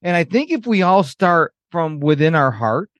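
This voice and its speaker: A man's voice: fairly high pitch, big pitch swings, normal speed, fairly bright tone, dry recording, lo-fi sound. A middle-aged man hosting a podcast, talking in an emphatic, motivational way. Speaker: podcast host. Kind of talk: casual podcast conversation.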